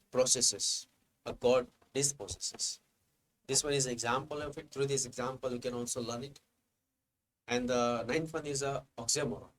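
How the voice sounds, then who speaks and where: A man teaching English grammar from slides, explaining step by step, asking himself "what happened here" and reading examples out slowly. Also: medium pitch, a bit bright, low-quality recording. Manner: reads examples slowly, stressing key words. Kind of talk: slide-based grammar lecture.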